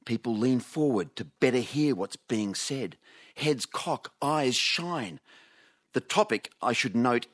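A man hosting a radio comedy show and telling a self-mocking story to a studio audience in a wry, deadpan way. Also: mid-range voice. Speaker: radio host.

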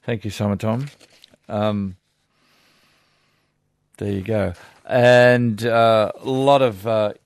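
An Australian man hosting a casual radio show, chatting relaxed and reading listener letters. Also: on the low side, takes it slowly, long pauses, dry recording, clean studio sound. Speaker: radio host. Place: radio studio.

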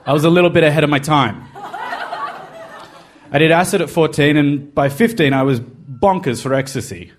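A man's voice: on the high side, normal speed, pauses often. Wry man telling a story. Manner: wry, self-deprecating confessional telling. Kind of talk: personal story told to a live podcast.

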